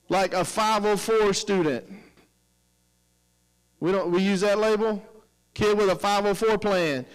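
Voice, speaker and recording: A high-pitched middle-aged man runs a professional development session for teachers in a school room. He talks in an energetic, questioning way, prodding the tables for answers. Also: clean tone, low-quality recording. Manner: energetic, questioning, coaxing the audience. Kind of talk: teacher training workshop.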